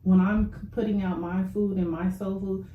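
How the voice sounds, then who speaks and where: A woman's voice: medium pitch, steady tone, normal speed, phone-quality sound. A middle-aged woman chef speaking earnestly and laughing easily as a guest in a casual interview. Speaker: guest, chef and business owner. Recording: echoey room.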